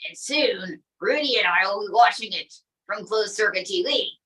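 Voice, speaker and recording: A brash, bragging male ex-president, talking in a lowered, gruff, smug voice, as a woman puts him on. His tone has a bright, sharp edge. The voice sounds a bit distant from the mic. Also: animated, moderate pace. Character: boastful blustering male ex-president impression.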